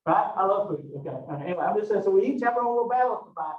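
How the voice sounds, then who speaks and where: A middle-aged man lectures on anatomy, wandering into chatty stories and asides. His voice sits fairly high for a man. It was picked up from across an echoey classroom, and the recording sounds dull and lo-fi. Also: expressive, racing, recorded from a distance. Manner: folksy, rambling storyteller with asides. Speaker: college anatomy instructor.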